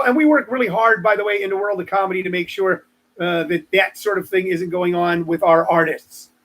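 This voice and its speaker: High-voiced joking man in his sixties. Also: a bit bright. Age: 60s. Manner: rambling, joking asides to chat viewers. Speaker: comedian hosting a live show. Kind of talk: casual live-stream monologue.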